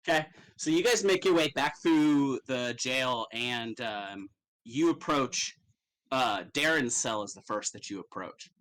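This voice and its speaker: A man's voice: medium pitch, expressive, measured pace, fairly bright tone, poor audio. A man narrating a tabletop game as game master in a casual, profane way, laughing often.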